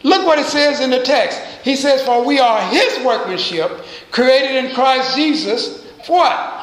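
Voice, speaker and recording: A man preaching a sermon as pastor, pausing to quiz his congregation with call-and-response questions. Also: extremely high pitch, expressive, roomy sound, a crowd in the background, poor audio. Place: church.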